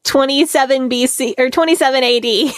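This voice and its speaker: Chatty higher-pitched woman podcaster. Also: brisk, dry recording. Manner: chatty, laughs often, retells scenes with quotes. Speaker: podcast co-host. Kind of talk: casual podcast chat.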